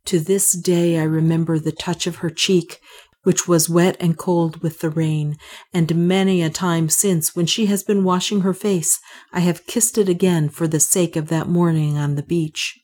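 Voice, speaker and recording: Low-voiced woman narrating a story. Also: steady tone, a little slow, dark tone. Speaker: audiobook narrator. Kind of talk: scripted narration.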